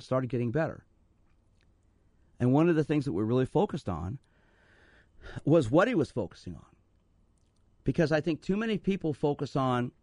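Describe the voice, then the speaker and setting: A man hosts a call-in radio show as a sports psychologist, speaking earnestly and telling stories to encourage listeners to call, repeating the phone number. His mid-range voice is a little mellow, with no echo.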